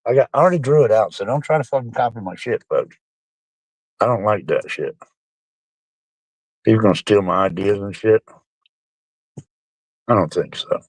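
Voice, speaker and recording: A man's voice: lowish voice, normal speed, pauses often, no echo. A middle-aged man, rambling casually and profanely to his live-stream chat, calling them folks.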